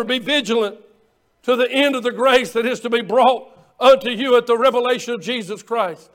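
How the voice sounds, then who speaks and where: A man's voice: very high-pitched, normal speed, a bit bright. A male pastor preaching a sermon, quoting scripture in old-fashioned wording and repeating phrases for emphasis.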